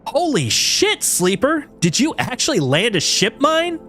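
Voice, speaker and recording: A man voicing a brash, excitable woman ship mechanic who used to be a mercenary, loud and blunt. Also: very high voice, a little slow, soft background music, voice pushed up, exaggerated voice. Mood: excited.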